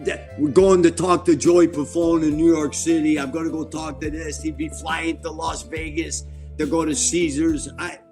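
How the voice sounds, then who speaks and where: A man's voice: on the high side, little pitch movement, normal speed, a little mellow, soft background music. A man in his seventies telling blunt, profane stories as an interview guest at home, acting out what others said. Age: 70s. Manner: blunt, profane, quotes people in their voices. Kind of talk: casual storytelling interview.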